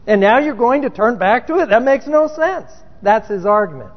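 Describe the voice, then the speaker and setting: A man's voice: very high-pitched, very animated, moderate pace. A man preaching a sermon in a loose, conversational way, with restarts and rhetorical questions, in a church sanctuary. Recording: dull lo-fi recording with long hall reverb.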